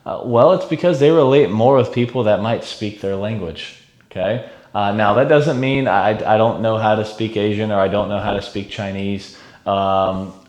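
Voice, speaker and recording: A man with a fairly low voice leads a sales training lesson at normal speed, coaching energetically and repeatedly checking in with "okay?" A noticeable echo makes it sound like he's in a bare room.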